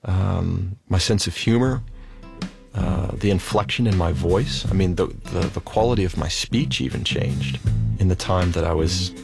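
A man giving a halting, thoughtful personal account as an interview guest. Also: deep voice, vocal fry. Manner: halting, thoughtful, many fillers. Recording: guitar music underneath.

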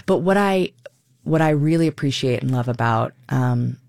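A woman's voice: rumbling low, animated, normal speed, gravelly, darkish tone, no echo, clean studio sound. A woman in her thirties, a stage actor, talking expressively in a radio interview and acting out quoted asides.

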